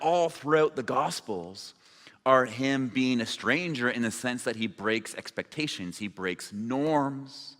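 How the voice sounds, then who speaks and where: In a church sanctuary with the long echo of a large hall, a man preaches as pastor, using a medium-pitched, slightly bright voice and an informal, conversational delivery full of asides.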